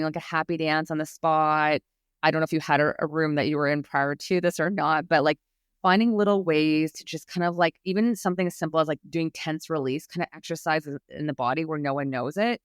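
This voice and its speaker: A woman's voice: low voice, clean tone, no room sound, clean studio sound. A woman guest expert on a podcast, talking about public speaking anxiety in an earnest, encouraging way, often restarting her sentences. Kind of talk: podcast interview.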